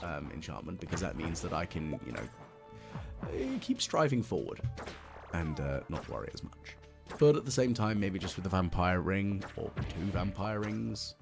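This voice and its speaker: Deep gravelly man rambling. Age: late 30s. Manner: rambling, musing, self-mocking, many ums. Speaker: gaming channel host. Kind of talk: casual let's play commentary.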